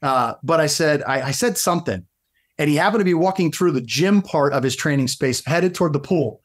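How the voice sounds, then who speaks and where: A middle-aged man, a fitness coach guesting on a podcast, telling stories in an animated way with frequent restarts. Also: a little high, a little fast, slightly rough. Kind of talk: casual storytelling interview.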